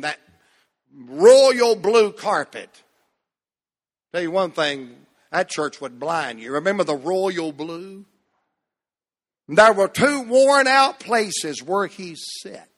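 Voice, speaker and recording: A man with a high voice preaches a fervent revival sermon. He drives each phrase in a rhythmic cadence and bursts into exclamations. The sound rings with the long tail of a church hall. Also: fairly bright tone. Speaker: pastor. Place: church sanctuary.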